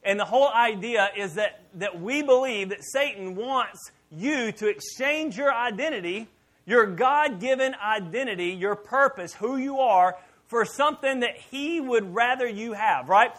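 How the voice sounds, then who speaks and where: A man preaching a sermon in church as pastor, animated and joking with the congregation. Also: very high-pitched, measured pace.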